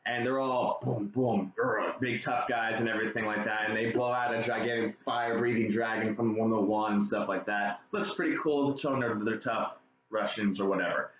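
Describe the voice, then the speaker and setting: A man's voice: lowish voice, fairly even intonation, normal speed, few pauses, a bit bright. Rambling man reviewing a movie, echoey room. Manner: rambling, retells scenes with many fillers. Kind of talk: casual chat. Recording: echoey room, dull lo-fi sound, faint noise.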